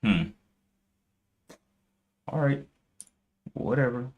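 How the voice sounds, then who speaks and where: A man's voice: medium pitch, animated, very slow, narrow, tinny audio, slight background noise. A man streaming live day trading, casually thinking aloud, reading out viewer comments and correcting himself as he checks charts.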